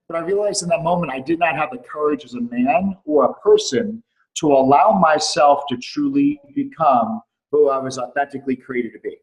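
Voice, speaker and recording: A man's voice: a little high, low-quality recording. A middle-aged man on a remote call, telling a personal story earnestly as a podcast guest, repeating phrases for weight. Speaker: podcast guest, clinic doctor.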